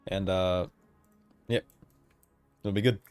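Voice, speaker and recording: A man's voice: low voice, steady tone, takes it slowly, darkish tone, clear, resonant tone, no echo, faint music behind. A man streaming a game and chatting casually, laid-back and swearing, often laughing. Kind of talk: casual gameplay chat.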